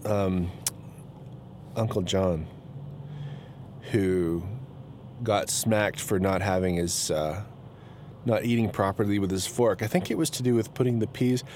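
A man's voice: deep voice, unhurried, long pauses. A man chatting casually in a rambling vlog, often breaking off mid-thought and starting over. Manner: chatty, rambling, self-interrupting. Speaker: blogger. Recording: loud road noise.

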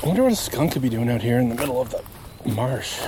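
A man's voice: medium pitch, lively intonation, fast talker, background noise. A man talking to himself on a walk through a marsh, rambling casually and chuckling at his own stories, recorded outdoors while he walks. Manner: meandering, chatty, self-amused. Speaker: nature walk vlogger.

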